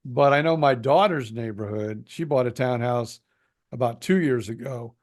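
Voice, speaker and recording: An older man co-hosting a podcast in casual chat, rambling and pausing to search for words. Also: medium pitch. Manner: rambling, hesitant, many "uh" pauses. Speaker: podcast co-host.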